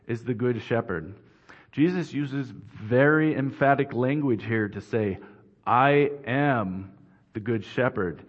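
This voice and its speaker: A male preacher speaks in a steady, earnest way, walking through his points in a measured sermon. His voice sits in a middle register. The recording is dull and muffled, with long reverb from a large hall around him. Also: medium pitch.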